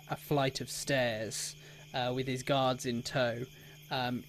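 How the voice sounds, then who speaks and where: A man running an improvised tabletop game as game master. He narrates slowly and hesitantly in a middling register, with a faint hiss under the recording. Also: mid-range voice. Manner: relaxed and hesitant, with many fillers.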